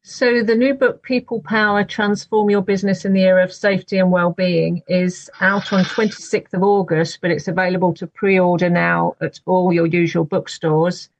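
A woman, an author, answering interview questions in a measured, thoughtful way. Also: on the low side, steady tone, no echo, low-quality recording. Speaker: author guest.

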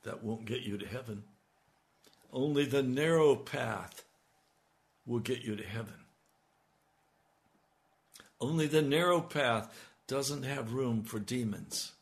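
A male preacher delivering a sermon at an unhurried, measured pace. He leans into his points with emphatic, urgent appeals and rises in force on key lines. His pitch sits in the middle range. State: hiccups. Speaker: radio preacher.

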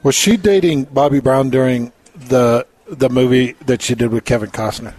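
A man's voice: medium pitch, moderate pace, darkish tone. A man co-hosting a sports radio show, chatting in an enthusiastic, rambling way. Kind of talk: casual sports radio banter.

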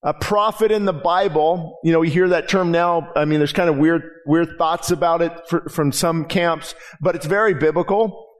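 A man's voice: fairly high pitch, normal speed, hardly any pauses. A man preaching a sermon as pastor, impassioned, with frequent restarts and rising emphasis. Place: church sanctuary.

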